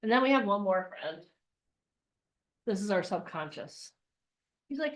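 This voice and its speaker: A woman in her forties, a coach giving a lively live online workshop and acting out voices. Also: mid-range voice, measured pace. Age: 40s.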